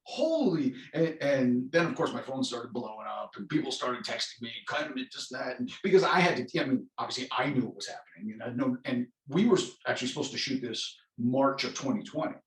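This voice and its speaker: A man's voice: medium pitch, fast, hardly any pauses, fairly bright tone. A man, an actor being interviewed, talks in a casual, rambling way with many restarts and self-corrections. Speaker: actor guest. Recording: roomy echo.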